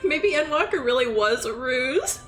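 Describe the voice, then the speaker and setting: A woman's voice: high voice, lively intonation, moderate pace, a bit bright, soft background music. A young woman giving casual, emotional commentary on a game playthrough, giggly and swearing freely. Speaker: gaming streamer.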